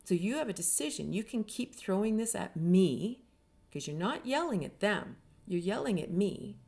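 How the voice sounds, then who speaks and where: A woman's voice: medium pitch, animated, moderate pace, creaky, a little mellow. A middle-aged woman from Canada, an author giving an earnest, reflective talk and briefly acting out the people she quotes. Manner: earnest, acts out quoted voices. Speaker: author and speaker.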